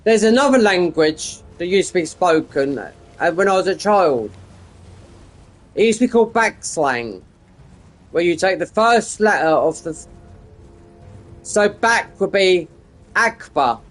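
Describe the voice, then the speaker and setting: A man's voice: high-pitched, lively intonation, unhurried, pauses often, faint music behind. A man, chatting casually and meandering while streaming a game. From United Kingdom. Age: 50s. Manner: meandering, digressive, frequent restarts. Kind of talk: casual rambling chat while gaming.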